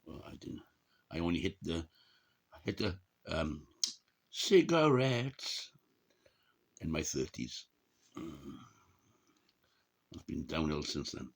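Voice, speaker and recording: A middle-aged man chatting casually to camera in a rambling, jokey way, often clearing his throat. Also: extremely low pitch, a little slow, pauses often. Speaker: vlogger.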